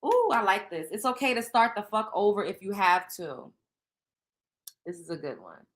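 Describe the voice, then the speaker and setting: A woman hosting a show, chatting casually with viewers and reading out tarot cards in a loud, animated, profane way. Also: mid-range voice, moderate pace. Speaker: show host.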